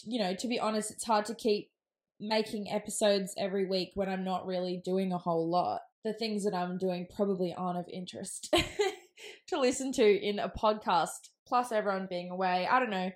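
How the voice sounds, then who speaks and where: A woman's voice: mid-range voice, fairly even intonation, normal speed. A young Australian woman with a temporary lisp, rambling casually on her solo podcast and laughing often. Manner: chatty, laughs often, self-deprecating. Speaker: podcast host.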